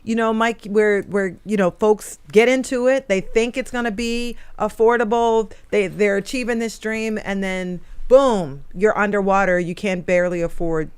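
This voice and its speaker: Male radio host, smooth clear voice, dry studio sound, conversational. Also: high-pitched, steady tone, no echo. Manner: conversational, quick to affirm. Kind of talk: radio call-in hosting.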